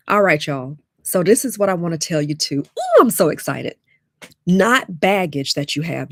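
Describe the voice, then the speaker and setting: A woman hosting a live webinar, chatty and lively, talking straight to her viewers. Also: sits low, dry recording, clean studio sound. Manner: lively, chatty, addresses audience as y'all. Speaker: webinar host and dating coach.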